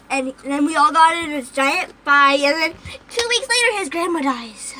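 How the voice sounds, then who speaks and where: Young woman, sarcastic offhand telling, high bright voice, vlog. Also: normal speed, a little hiss or hum. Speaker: friend adding to the story. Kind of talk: casual storytelling vlog.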